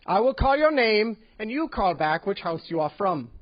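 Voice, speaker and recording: Stiff, formal wizard teacher done by a man, high voice, dry lo-fi sound. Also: big pitch swings, no room sound. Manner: stiff and formal, speaking slowly. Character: prim, slow-speaking male wizard teacher. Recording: dull lo-fi live recording.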